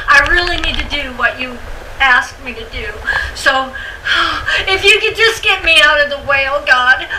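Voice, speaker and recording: A woman's voice: very high-pitched, recorded from a distance, noisy background. A woman putting on the goofy character Wanda for a children's church comedy sketch, wailing, giggling and praying in a panic.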